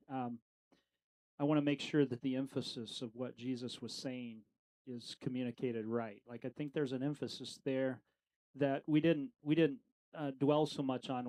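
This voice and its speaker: A man's voice: medium pitch, a little mellow, low-quality recording. A middle-aged man leading a casual Bible study, talking conversationally with lots of fillers and questions to the group.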